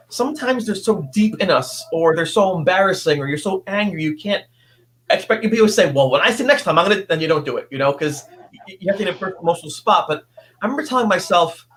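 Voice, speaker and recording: A high-pitched man recounts a personal story with earnest intensity, stumbling and restarting often. He sounds like a guest in his fifties speaking on an interview show. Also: a bit bright. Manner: earnest, halting, many restarts.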